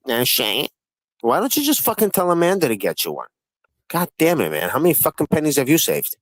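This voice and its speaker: A man's voice: on the high side, huge pitch swings, a little fast, dry recording, poor audio. A man hosting a livestream panel, talking in a profane, taunting and combative way. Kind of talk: heated livestream panel chat.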